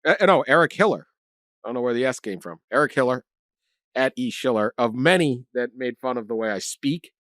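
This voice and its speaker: A man's voice: medium pitch, expressive, a little fast, fairly bright tone, no echo, studio quality. A middle-aged man from the Boston area, co-hosting a casual sports chat and telling rambling, self-deprecating stories with frequent laughter. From Boston area, Massachusetts. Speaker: podcast co-host.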